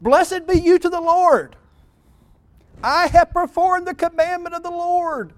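A man's voice: extremely high pitch, unhurried, voice pushed up. A man voicing a boastful, self-justifying king who talks in a smug, mock-pious way.

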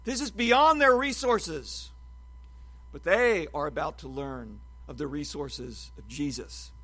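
Bright, high-voiced man preaching. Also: expressive. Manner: measured, emphatic teaching. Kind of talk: expository Bible sermon.

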